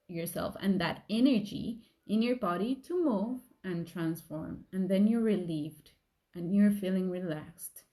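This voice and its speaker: A young woman giving a gentle talk about emotions, softly reassuring and acting out inner thoughts. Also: medium pitch.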